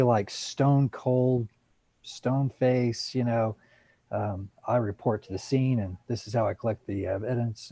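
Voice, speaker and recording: A man's voice: medium pitch, warm tone. A man who organized a mock trial, giving chatty, enthusiastic feedback with many fillers over a video call. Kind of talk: casual praise and feedback.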